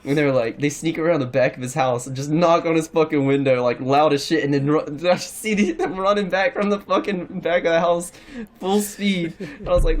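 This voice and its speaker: A young man telling a rambling, profane story in a casual chat with friends. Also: on the high side. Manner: rambling, profane, animated anecdote. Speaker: podcast regular.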